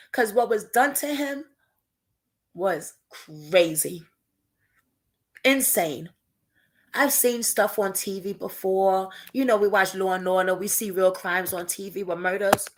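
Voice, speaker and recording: A woman's voice: medium pitch, measured pace, pauses often. A woman hosting a livestream, crying and emotional as she talks openly to her viewers in casual chat. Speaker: livestream host.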